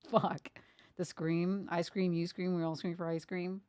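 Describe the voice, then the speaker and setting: A woman's voice: fairly low pitch, little pitch movement, a little slow, warm tone, smooth, dry recording. A young woman chatting casually while she draws, playfully reciting tongue twisters and laughing at her slips. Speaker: art streamer. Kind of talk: casual chat while drawing.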